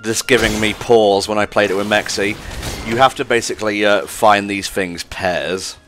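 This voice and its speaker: A man's voice: on the low side, fairly even intonation, moderate pace, a bit bright, faint music behind. A man playing a video game and commenting casually, with a dry, teasing sense of humor. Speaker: let's play gamer.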